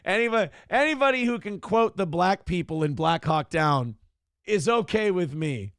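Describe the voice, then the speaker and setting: A man's voice: high-pitched, animated, normal speed, fairly bright tone, clean tone, dry recording, studio quality. A man hosting a casual live stream, reading chat messages aloud and reacting in a profane, sarcastic, rambling way. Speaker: show host.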